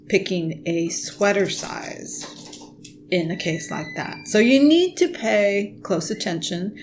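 A woman co-hosting a casual podcast from home, explaining things slowly and methodically. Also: fairly low pitch, slight background noise. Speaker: podcast co-host. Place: at home with pets nearby.

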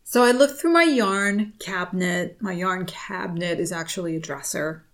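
A woman's voice: on the low side, normal speed. A woman co-hosting a knitting podcast, telling a chatty story with frequent laughs. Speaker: podcast co-host. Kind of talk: casual chat.

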